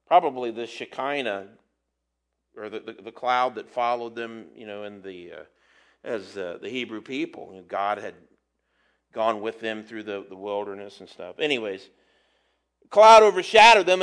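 Casting: high-pitched male preacher, easygoing and folksy, teaching with chuckles. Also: lively intonation, moderate pace. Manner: folksy and conversational, with chuckles and playful asides. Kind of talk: casual sermon.

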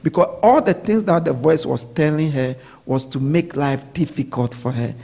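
A man preaches a sermon in a fairly high, creaky, warm voice at normal speed. He repeats his points and keeps checking whether his listeners follow.

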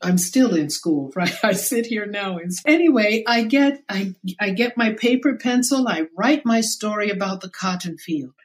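An older woman from the American South, a guest in an interview, telling a personal childhood story slowly and reflectively. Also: mid-range voice, animated. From South Carolina, US. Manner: slow, reflective storytelling with quoted voices.

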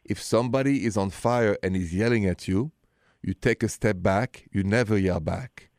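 A man hosting a call-in relationship advice radio show, giving calm, gentle advice. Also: fairly low pitch, normal speed, dry recording, clean studio sound.

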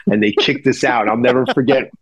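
A man guesting on a podcast as a film critic, chatting in a relaxed, easygoing way. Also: mid-range voice, a little fast, slightly rough, no room sound. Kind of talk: casual podcast chat.

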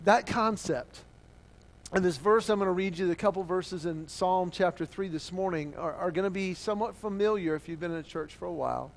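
A man preaching a sermon, telling a childhood story with lively acted-out voices and quotes. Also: sits high, brisk, vocal fry. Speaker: pastor.

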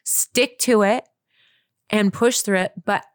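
A young woman talks casually to her listeners, winding through a story with plenty of fillers and direct asides. Her voice sits at a middle pitch and sounds dry and close to the mic. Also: steady tone, slow pace, no room sound. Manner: chatty storyteller, lots of "like" and "you guys". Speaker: podcast co-host. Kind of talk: casual chat.

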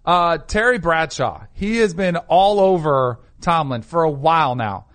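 A man's voice: fairly high pitch, expressive, measured pace, fairly bright tone. A man hosting sports talk radio, casual and opinionated. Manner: chatty, opinionated.

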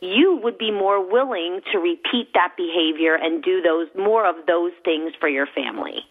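A woman's voice: fairly low pitch, moderate pace. A woman guest who works with companies and salespeople, speaking in a thoughtful, reflective way. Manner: thoughtful, reflective, often starts with "I think". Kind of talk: casual conversation. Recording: phone-like narrow sound.

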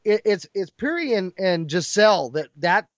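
A man's voice: sits high, very animated, normal speed, dry recording. A man in casual chat, retelling a comic scene with emotion and acting out lines. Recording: dull lo-fi dry sound.

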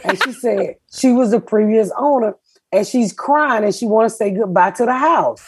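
A middle-aged woman, hosting a podcast and telling profane, animated stories in casual chat. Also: on the high side, moderate pace, noisy background. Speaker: podcast host.

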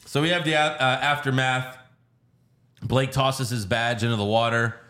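Excitable man recapping a movie. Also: medium pitch. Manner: animated, profane storytelling with quick voice impressions. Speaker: podcast host recapping a film. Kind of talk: casual chat.

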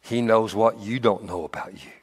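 A man preaching a sermon in an animated way, swinging from hushed tones to emphatic repetition. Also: lowish voice, moderate pace, husky. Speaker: pastor. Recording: long hall reverb.

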